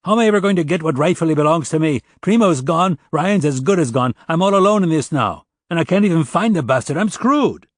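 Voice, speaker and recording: A man reading an audiobook voices an agitated, broke Irish ex-rocker who shouts and swears, with an Irish accent. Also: mid-range voice, expressive, fast, breathy edge, no room sound, clean studio sound. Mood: angry, desperate.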